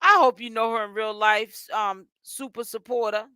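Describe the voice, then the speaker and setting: A woman's voice: on the high side, steady tone, normal speed, bright, forceful tone, clean tone, no echo, studio quality. A woman hosting a gossip commentary vlog, talking in a sassy, chatty way with lots of "honey" and "child" asides. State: tired and yawning while fasting. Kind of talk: casual chat.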